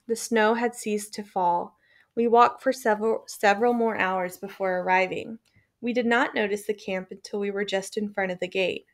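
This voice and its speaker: A woman reading a memoir aloud in a measured, somber way. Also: medium pitch. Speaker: audiobook reader.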